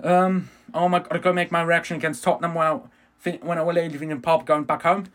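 A man ranting in a reaction vlog, swearing and swinging from angry shouts to low, sheepish mumbling. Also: fairly even intonation, fast talker. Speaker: fan reaction vlogger.

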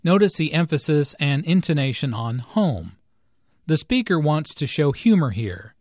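A man reading a scripted English lesson, explaining grammar slowly and clearly. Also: fairly high pitch, very animated, darkish tone, dry recording, clean studio sound. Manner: slow, clear, carefully enunciated. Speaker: English teacher. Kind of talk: scripted language lesson with dialogues.

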